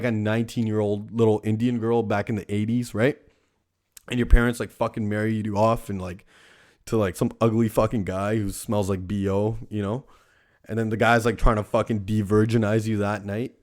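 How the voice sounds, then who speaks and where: A young man hosting a casual podcast monologue, ranting with lots of swearing and "like" fillers. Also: on the low side. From Canada. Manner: profane ranting, heavy use of "like". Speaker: podcast host.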